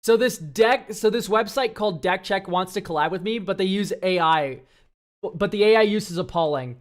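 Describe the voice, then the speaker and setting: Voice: medium pitch, normal speed. A streamer who reviews viewer decks, talking casually to chat, ranting and swearing freely.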